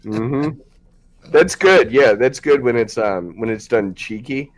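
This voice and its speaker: A man's voice: medium pitch, slow pace. A man hosting a podcast, talking frankly in a loose, rambling way with many fillers. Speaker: podcast host. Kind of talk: casual podcast chat.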